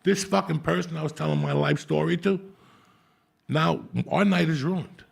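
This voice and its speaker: A man's voice: fairly high pitch, steady tone, moderate pace, creaky, breathy edge. A middle-aged man hosting a podcast, telling rambling, profane street-style stories in casual chat. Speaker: podcast host.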